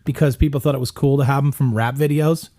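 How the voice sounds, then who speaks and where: A man's voice: mid-range voice, steady tone, fast, warm tone. A middle-aged man telling a long, rambling story in casual chat, swearing often. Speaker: podcast guest.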